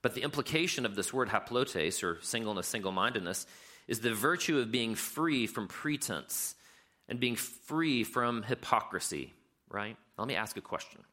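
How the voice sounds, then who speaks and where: A middle-aged man preaching a sermon in a conversational way, lively when he tells stories. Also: medium pitch, normal speed. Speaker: pastor.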